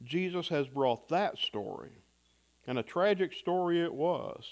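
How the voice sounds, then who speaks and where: A man preaching a sermon in a measured, reflective way, pausing for effect. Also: fairly high pitch, lively intonation. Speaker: pastor.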